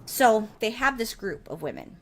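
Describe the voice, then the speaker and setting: A woman's voice: fairly high pitch, sing-song, normal speed, a little hiss or hum. A woman in her thirties hosting a podcast, telling a casual, profane story with laughter. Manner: laughs while telling stories. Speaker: podcast host. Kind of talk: casual chat.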